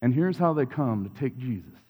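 A man's voice: mid-range voice, expressive, normal speed, mellow, breathy edge. Reflective male preacher in a reverberant hall. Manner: reflective, confessional, builds through repeated phrases. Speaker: pastor. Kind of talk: sermon. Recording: long reverb of a large hall.

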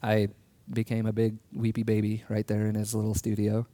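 A man giving a sermon, telling a personal story in an earnest way with soft laughs, and slowing down to stress key words. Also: lowish voice, completely flat delivery. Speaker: preacher.

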